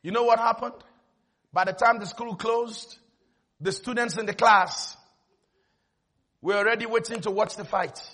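A high, husky-voiced man preaches to his congregation in full flight. His voice is bright and edgy, and he swings from quick storytelling into loud, shouted calls for a response. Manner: animated storytelling, often shouting. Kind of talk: sermon.

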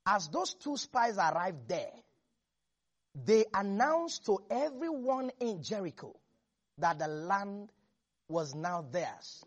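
A preacher delivering a lively sermon that swings between hushed asides and shouts. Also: medium pitch, slow pace, lo-fi sound.

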